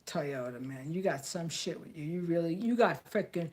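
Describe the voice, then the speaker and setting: A woman's voice: low voice, expressive, moderate pace, a little mellow. An American woman talking straight to camera in a blunt, outspoken rant, repeating phrases for emphasis. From United States. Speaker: vlogger.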